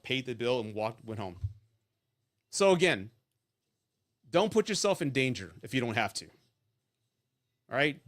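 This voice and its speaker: A man's voice: mid-range voice, a bit bright. A man hosting a live advice stream about divorce and dating, talking bluntly and casually, telling stories and checking in with "right?". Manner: blunt, profane, storytelling with lots of "right?".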